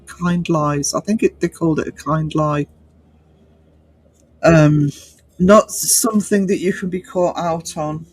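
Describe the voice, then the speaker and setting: A man's voice: on the high side, steady tone, a little slow, pauses often, slight background noise, low-quality recording. A man hosting a livestream, chatting casually through viewer comments with many fillers and restarts. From North East England. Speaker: livestream host.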